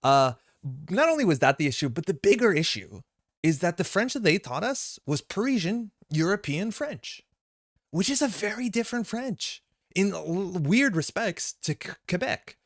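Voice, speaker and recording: A man's voice: high-pitched, sing-song, normal speed, no echo, studio quality. A young man hosting a live stream, rambling through casual tangents with lots of "like" and "right?". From Canada.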